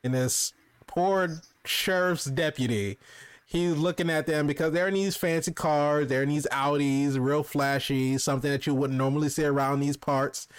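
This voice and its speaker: A man's voice: a little high, moderate pace, smooth, no echo. A man casually recapping a TV episode for a review show, acting out the characters' lines along the way. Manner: animated recapping with goofy impressions. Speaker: podcast co-host reviewing a TV show. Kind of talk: casual chat.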